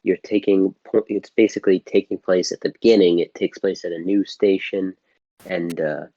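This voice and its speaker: Low-voiced male podcast co-host, rambling casual film chat, dull dry lo-fi sound. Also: fairly even intonation, moderate pace, dark tone, no echo. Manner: rambling, loose, swears casually.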